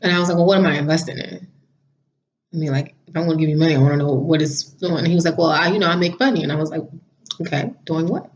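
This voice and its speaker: A woman's voice: deep voice, fast talker, a little hiss or hum. Chatty woman vlogger, slightly lo-fi. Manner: chatty, animated, laughs while telling stories. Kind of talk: casual storytelling vlog. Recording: slightly dull lo-fi audio.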